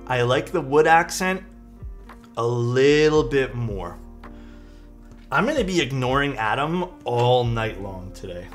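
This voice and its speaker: A man talking casually on a live stream as he unboxes keyboard parts and thanks his chat. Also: medium pitch. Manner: thanks chat, muses aloud while unboxing. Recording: faint music behind.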